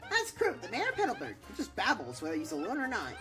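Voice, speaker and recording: A woman's voice: medium pitch, huge pitch swings, quick pace. A woman giving casual, wry commentary while playing a video game, with chatty joking asides. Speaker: let's play gamer. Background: game music.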